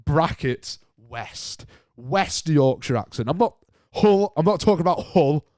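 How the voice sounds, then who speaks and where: A man's voice: fairly high pitch, lively intonation, measured pace, darkish tone, no echo. Young bloke rambling on his podcast, laughs at himself a lot, dry close sound. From north of England. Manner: rambling, self-mocking, often laughing. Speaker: podcast host. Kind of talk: solo podcast chat.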